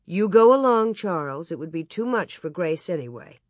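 A reader voicing a calm, gentle pioneer mother speaking slowly in a storybook. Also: mid-range voice, no room sound, lightly acted.

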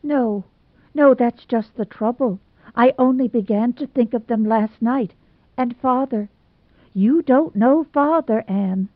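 Casting: woman as a timid young bride, high, breathless and pleading, on a tinny dry line. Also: slow pace, dry recording. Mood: tearful. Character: timid plump young bride, tearful and fretful. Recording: dry tinny phone-like sound.

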